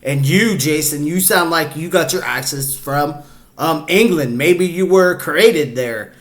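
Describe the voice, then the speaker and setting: A man's voice: fairly high pitch, unhurried, fairly bright tone. A man hosting a casual podcast, talking loosely and rambling, with lots of fillers. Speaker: podcast host. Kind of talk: casual chat.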